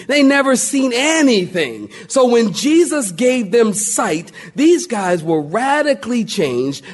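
A man preaching a sermon as pastor, an animated storyteller who acts out the people in his stories and calls out to the congregation. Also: sits high.

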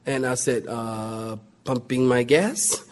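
A man preaching a sermon as pastor, an animated storyteller who acts out the people in his stories and calls out to the congregation. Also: medium pitch, slow.

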